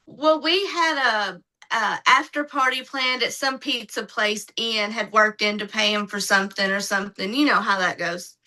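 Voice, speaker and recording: A woman's voice: medium pitch, normal speed, few pauses, poor audio. A woman guest on a podcast telling stories casually and animatedly, acting out what other people said. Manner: lively, acts out other people's lines in her retelling. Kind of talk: casual storytelling.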